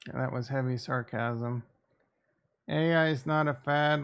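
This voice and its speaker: Here a man with a medium-pitched, clean-toned voice speaks a little slowly and with fairly even intonation. He's a crypto streamer doing casual live-stream commentary, grumbling blunt, sarcastic, profane lines to himself at his desk mic.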